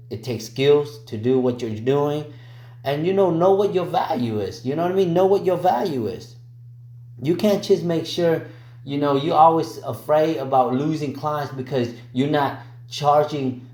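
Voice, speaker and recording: A man's voice: mid-range voice, a little mellow, reverberant. A man talking through a nail tutorial in a casual, slangy way, often calling viewers y'all and cracking teasing jokes. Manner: joking, teasing asides. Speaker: nail technician teaching.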